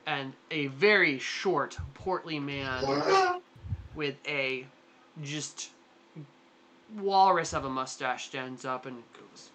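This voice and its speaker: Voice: medium pitch, very animated, slow, pauses often, background noise. A game master narrating a tabletop role-playing game in a rambling way, full of fillers and restarts. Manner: rambling, lots of likes and restarts.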